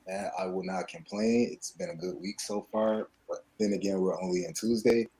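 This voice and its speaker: Deep, husky, easygoing man. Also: steady tone, normal speed, warm tone, rough recording. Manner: easygoing, hesitant with fillers. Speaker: panelist. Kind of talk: casual livestream chat.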